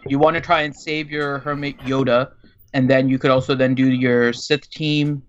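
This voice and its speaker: A man co-hosting a casual gaming chat, relaxed and agreeable as he weighs team options. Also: mid-range voice, normal speed. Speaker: co-host. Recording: dull lo-fi audio.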